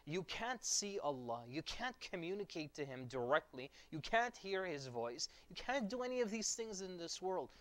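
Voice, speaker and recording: A man teaching a Quran commentary lecture in an earnest, conversational way, with quick Arabic recitation of verses. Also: fairly high pitch, no room sound.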